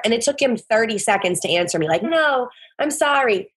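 A woman in her thirties from the American South, a podcast guest telling animated, exasperated stories with laughter. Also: fairly high pitch, fast, few pauses, breathy edge. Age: 30s. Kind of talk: casual storytelling chat.

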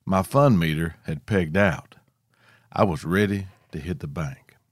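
A man's voice: low voice, a little slow, no room sound. A man from Arkansas, telling a scripted outdoor story with dry, wry humor. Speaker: podcast host.

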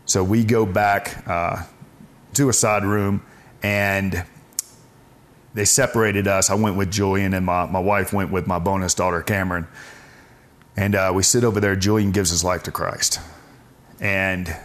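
Deep-voiced man, earnest and halting. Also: flat delivery. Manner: earnest, halting, with frequent restarts. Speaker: guest telling his faith story. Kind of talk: personal storytelling in conversation.

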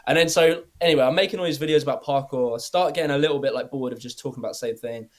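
A young British man chatting casually as a podcast guest, rambling, filling every pause with "like" and swearing easily. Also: medium pitch. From Britain. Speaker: guest YouTuber.

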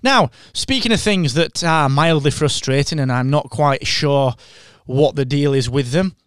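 A man's voice: on the high side, unhurried, clear, resonant tone, no echo, clean studio sound. A man co-hosting a podcast in casual chat, sarcastic and mocking, breaking into impressions. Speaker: podcast co-host.

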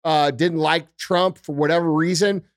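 A man's voice: fairly high pitch, fairly even intonation, normal speed, no room sound, clean studio sound. Intense swearing man ranting on a podcast. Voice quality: intense, heavy swearing, repetitive rhetorical questions. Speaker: podcast host. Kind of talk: profane political rant.

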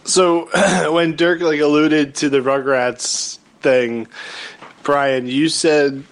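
A man's voice: fairly high pitch, steady tone, slow pace. A man hosting a comedy podcast, rambling through goofy bits and silly voices.

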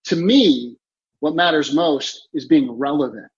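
A man speaks as a time coach in an interview, hammering home his points with emphatic repetition. His voice sits a little high, and the audio sounds muffled and lo-fi, like a remote connection. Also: measured pace. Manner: emphatic, repeats key phrases, coaching tone. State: clearing throat, choked up. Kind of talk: motivational interview talk.

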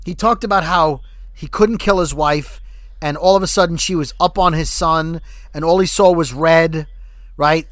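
A man's voice: a little high, fairly even intonation, moderate pace, a bit bright, no room sound. Joking, rambling man on a dry mic. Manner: rambling, joking, self-correcting. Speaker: podcast co-host. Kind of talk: casual fan-show chat.

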